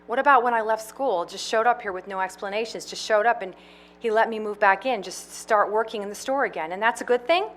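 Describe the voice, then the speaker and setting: A woman reading the part of a hesitant, troubled man in a play, doubtful and soft-spoken. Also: mid-range voice, fairly quick, natural voice.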